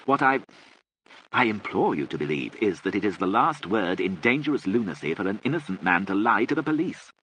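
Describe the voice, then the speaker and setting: A man's voice: on the low side, big pitch swings, a little fast, a bit bright, slight background noise, voice pushed up, poor audio. A man playing a harried aristocratic father. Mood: agitated. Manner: agitated, pleading, bursts of sudden violence.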